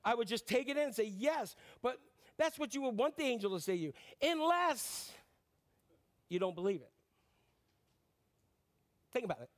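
A middle-aged man delivers a sermon with a strikingly high voice. He tells the story in a lively, joking way and acts out the people in it. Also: moderate pace, long pauses. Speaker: pastor.

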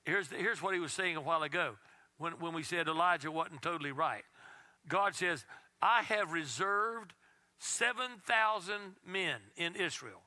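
A man preaching a sermon as pastor, reading scripture aloud and at times dropping his voice to a hush. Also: on the high side, moderate pace. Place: church.

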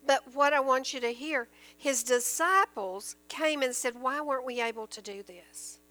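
A woman's voice: sits high, moderate pace, pushed and bright, no echo, low-quality recording. A woman teaching from the Bible, reading verses aloud and explaining them in earnest, plain everyday terms.

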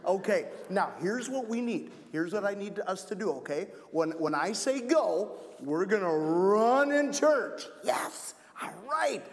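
A man from Wisconsin giving an energetic children's message in church, playful and repeating himself to keep the kids with him. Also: sits high, measured pace, few pauses. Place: church sanctuary. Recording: long church reverb.

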